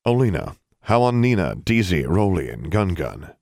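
A man voicing a deep-voiced ghostly father. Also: very animated, normal speed, gravelly, darkish tone, no echo, clean studio sound, heavily acted. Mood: gentle. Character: tall bearded male ghost father, deep and composed.

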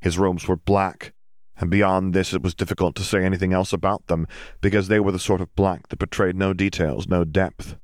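Deep-voiced man narrating an audiobook. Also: little pitch movement, moderate pace, a little mellow, no echo, clean studio sound. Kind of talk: audiobook reading.

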